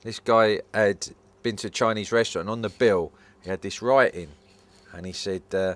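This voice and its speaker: A man's voice: deep voice, steady tone, fairly quick, a bit bright. Wry tattoo artist man. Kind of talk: interview anecdote.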